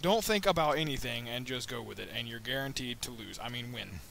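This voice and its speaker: A man's voice: a little fast, gravelly. Guy doing let's play commentary, rambly and goofy, cheap mic, bit of hiss behind him. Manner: rambling and joking, with sudden high excited yelps. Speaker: gameplay commentator. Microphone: new budget microphone.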